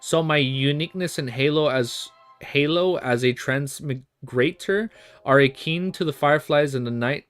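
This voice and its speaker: A man's voice: a little high, moderate pace, fairly bright tone, soft background music, close to an everyday voice. A man voicing a doubtful young man who questions his recruiter in a half dubious, half joking way, reading a novel aloud. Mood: questioning.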